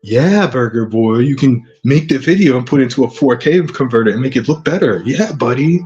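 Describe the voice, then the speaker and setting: A man's voice: mid-range voice, lively intonation, brisk, a little mellow, highs cut off. Profane, taunting man ranting on a vlog. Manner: aggressive, profane, taunting insults. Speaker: channel host.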